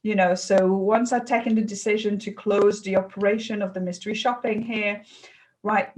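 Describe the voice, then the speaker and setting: A middle-aged woman from France with a French accent, speaking as an interview guest in an earnest, animated way, often laughing between phrases. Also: mid-range voice, low-quality recording. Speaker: guest, customer experience consultant. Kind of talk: interview conversation.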